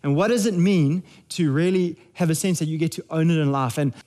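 A man's voice: a little high, fairly quick, warm tone. A man, preaching a sermon in a conversational, jokey way with frequent restarts. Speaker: pastor.

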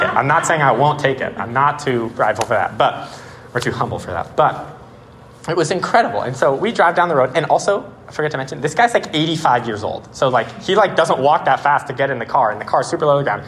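A young man in his twenties giving a casual sermon and telling a story in a lively way, with many "like"s. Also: mid-range voice, fast talker, slight background noise. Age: 20s. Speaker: preacher.

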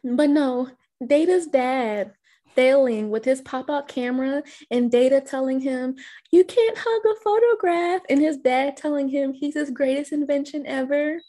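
A woman's voice: sits high, steady tone, measured pace, warm tone. Giggly woman recapping scenes. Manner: narrates scene rundown, giggles often. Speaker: podcast co-host. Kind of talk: casual chat recapping a film.

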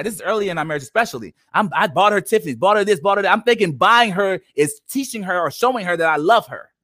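A man's voice: sits high, animated, quick pace, few pauses, sharp tone, no echo, clean studio sound. A man in his thirties co-hosting a casual faith discussion, emphatic and preachy. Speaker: podcast co-host.

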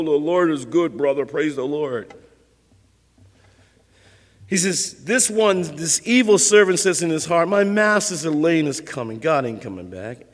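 A man preaching a sermon as pastor, conversational and lively, acting out little scenes for his listeners. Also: sits high, creaky, big-room sound.

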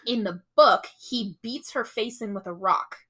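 A young woman hosting a relaxed book recap podcast speaks with a fairly high, bright, husky voice and a forceful tone, moving a little slowly. She retells the novel's plot through quoted voices and frequent swearing.

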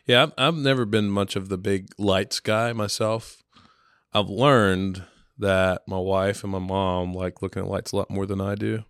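A man's voice: deep voice, steady tone, measured pace, a bit bright, clear, resonant tone, no room sound, studio quality. A man chatting casually, telling family stories with frequent laughter and acted-out quotes. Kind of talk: casual storytelling chat.

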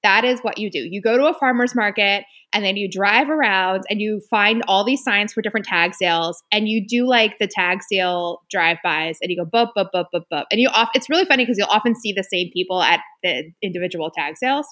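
A woman chatting casually as a co-host, telling a story with lively acted-out quotes and some swearing. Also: medium pitch, brisk, few pauses. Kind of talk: casual chat.

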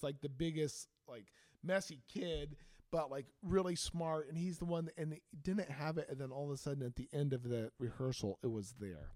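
A man, a band director and teacher, telling a story in casual chat, acting out quotes with big jumps in his voice. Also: no room sound. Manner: animated, acts out quotes with big pitch jumps.

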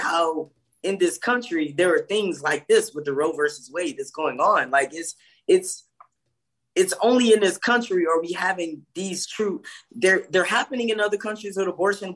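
A man's voice: high-pitched, fairly bright tone, husky. A man co-hosting a podcast, talking in a blunt, emphatic, casual way and swearing freely. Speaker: podcast co-host. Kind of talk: casual chat.

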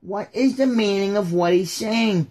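A man voicing a puzzled, gossiping male townsman from an ancient story, drawling his questions in a husky voice. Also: high-pitched, unhurried, darkish tone, pitched above the performer's own voice. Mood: baffled.

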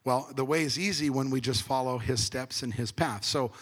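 A man preaching a conversational sermon as pastor, swinging between emphatic and hushed. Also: medium pitch, moderate pace, slightly rough, in a large hall.

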